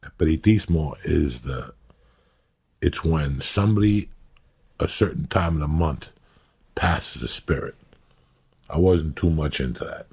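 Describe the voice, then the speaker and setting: A middle-aged man hosting a podcast, telling rambling, animated stories in casual chat. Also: rumbling low, unhurried, long pauses. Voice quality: very raspy and gravelly. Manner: animated, rambling, acts out scenes. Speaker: podcast host.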